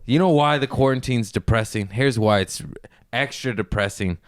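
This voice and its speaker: A young comedian hosts a podcast, chatting casually and comedically in a rambling, self-mocking, giggly way. His medium-pitched voice is clear and resonant at a moderate pace, captured in a dry, studio-quality recording.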